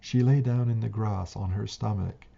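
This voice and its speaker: Gravelly low-voiced guy reading an old tale, dark tone, kinda muffled recording. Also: steady tone, normal speed. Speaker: narrator. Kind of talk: storybook reading. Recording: dull lo-fi recording.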